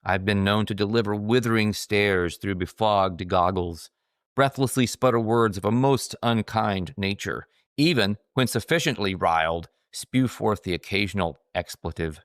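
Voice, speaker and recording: A man's voice: fairly low pitch, moderate pace, a bit bright, dry recording, studio quality. A man reading his own humorous memoir aloud, in a wry, dryly self-mocking storytelling style. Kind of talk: scripted storytelling narration.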